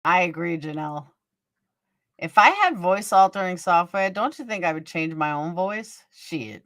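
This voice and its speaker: Speaking at normal speed with lively intonation, this livestream host has a lowish, slightly bright voice captured in studio quality with no echo. She chats casually, curses freely, gossips, and responds to viewers' comments by name.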